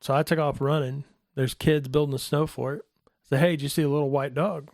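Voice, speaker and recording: A middle-aged man telling a personal faith story in a casual talk, animated and acting out the voices of the people in it. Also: brisk, vocal fry, no echo, clean studio sound. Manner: animated, acts out quoted voices in a higher pitch. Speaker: guest telling his testimony.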